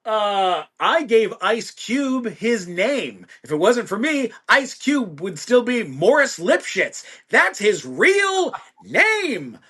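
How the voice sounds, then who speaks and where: A loud pompous record-producer blowhard. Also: male voice, sits high, very animated, slow pace, few pauses, husky, voice pushed up, heavily acted. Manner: loud, boastful, self-important rants. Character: egotistical bombastic male record producer, boastful.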